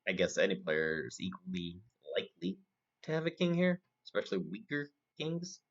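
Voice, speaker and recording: A man's voice: on the low side, big pitch swings, normal speed. A man casually commentating a replay of his own poker tournament, rambling with lots of fillers and restarts. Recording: dull, slightly muffled recording with faint noise.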